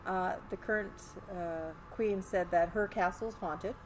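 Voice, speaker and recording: A woman's voice: fairly low pitch, unhurried, noisy background. A woman hosting a podcast, telling stories in a chatty, rambling way with restarts. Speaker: podcast host. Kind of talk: casual storytelling chat. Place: live event in a large store.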